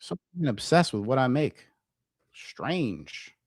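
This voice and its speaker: A man hosting a livestream, talking straight at his chat in a combative, foul-mouthed rant. His voice sits at a middle pitch and sounds dry and close, with no room around it. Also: very animated, takes it slowly, breathy edge, dry recording. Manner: profane, combative ranting at chat. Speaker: livestream commentary host. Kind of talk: livestream commentary.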